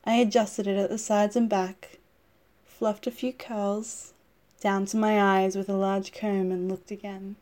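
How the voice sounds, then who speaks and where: A woman reading a first-person story aloud at a steady pace, now and then stumbling over a word and correcting herself. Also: mid-range voice, measured pace. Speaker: story reader.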